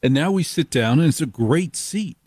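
A middle-aged man hosting a radio show, telling stories in an animated, sarcastic monologue and slipping into other people's voices. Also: fairly high pitch, normal speed, slightly rough, dry recording. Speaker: radio host.

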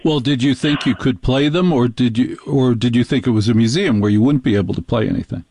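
A man's voice: mid-range voice, brisk, darkish tone, slight background noise. A man from New Jersey hosting a radio show, telling comic stories in a wry, joking manner. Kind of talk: casual radio chat, comic storytelling.

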